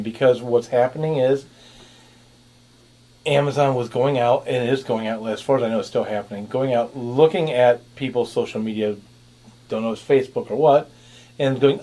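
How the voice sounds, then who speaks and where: A man's voice: medium pitch, expressive, moderate pace, dark tone. A man hosting a podcast panel, talking animatedly with sarcastic asides. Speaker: podcast host and producer. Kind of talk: casual panel chat.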